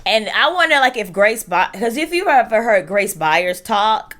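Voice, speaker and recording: A woman's voice: fairly high pitch, very animated, normal speed, a bit bright. A woman in her forties co-hosting a podcast, trading dry wisecracks in casual chat. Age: 40s. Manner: wisecracking, drawling asides. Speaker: podcast co-host. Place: Atlanta.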